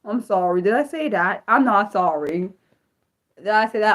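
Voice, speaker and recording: Excitable woman streamer with a lively voice. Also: medium pitch, normal speed. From United States. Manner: excitable, restarts sentences, blurts exclamations and mild curses. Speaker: livestream host. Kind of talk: unscripted livestream chat reading viewer comments.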